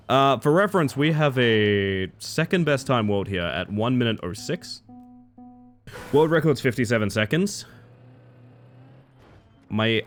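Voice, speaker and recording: A man live-streaming a racing game, chatting casually and riffing playfully on his viewers' comments. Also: mid-range voice. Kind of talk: casual live-stream chat while playing.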